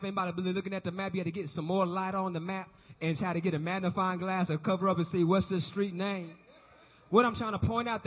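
A man preaching a sermon to a congregation, calling on the listeners to answer back and repeat after him. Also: high voice. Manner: call-and-response preaching, asks congregation to repeat. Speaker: pastor. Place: church sanctuary. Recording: dull recording with long hall reverb.

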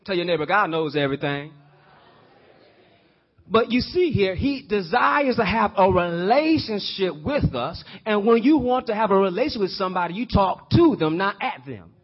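A man with a high voice delivers a sermon, speaking straight to his listeners and checking whether they follow. He repeats and restarts words as he builds his points, and plays out the characters' lines himself. The recording is dull and lo-fi. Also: big pitch swings, normal speed, slightly rough. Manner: acts out quoted voices in dialogue. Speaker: preacher.

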